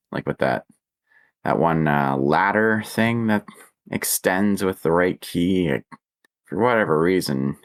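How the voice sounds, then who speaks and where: A mild-mannered man chats casually on a podcast and sometimes hesitates mid-thought. His voice is deep and low. The recording is dry and close. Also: no room sound. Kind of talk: casual chat.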